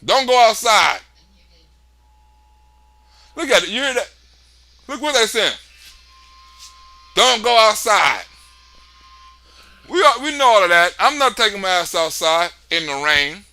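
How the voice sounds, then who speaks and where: A man hosting a livestream, giving loud, excitable, profane political commentary and tagging many remarks with "right?". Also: high voice, a little fast. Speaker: livestream host.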